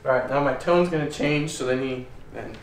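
A man explaining puppy training in a relaxed, plainspoken way. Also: mid-range voice, normal speed, recorded from a distance, slight background noise. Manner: relaxed, plainspoken, upbeat commands to the dog. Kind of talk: casual explaining while training. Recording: echoey room, voice from off-mic.

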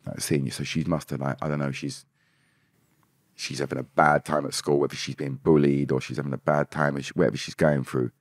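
A man's voice: a bass voice, flat delivery, brisk, dry recording, studio quality. A young British man, a dancehall artist and podcast guest, telling his story candidly with many restarts and repeated words. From Britain. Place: podcast studio.

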